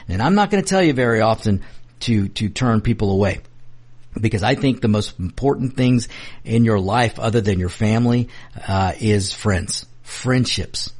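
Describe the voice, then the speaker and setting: A man hosts a political commentary show in an emphatic, repeating monologue, talking straight to his listeners as folks. His voice sits at a middling pitch with a husky, slightly rough edge. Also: a little mellow. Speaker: political talk show host.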